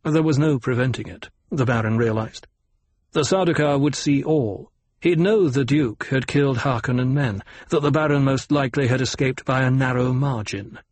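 A man narrating an audiobook in a measured way, slowing on descriptions. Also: medium pitch, darkish tone, dry recording. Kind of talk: scripted narration.

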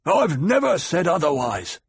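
Man playing a raspy older security chief, clipped, growling, defensive, husky, dry storybook. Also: a little high, wildly swooping pitch, unhurried, no echo, voice pushed up, heavily acted. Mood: stiff, defensive. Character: proud, prickly older male security chief. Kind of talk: audiobook character voice.

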